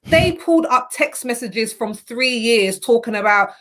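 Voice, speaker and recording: Animated woman in casual chat. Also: on the high side, a little slow. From United Kingdom. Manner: animated, acts out quoted thoughts.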